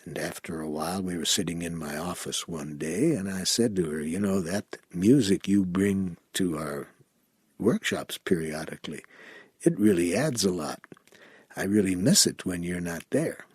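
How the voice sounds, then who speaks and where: A man teaching a workshop, telling a personal story in an unhurried, reflective way and acting out the dialogue. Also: deep voice, darkish tone, husky, dry recording. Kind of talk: anecdotal storytelling talk.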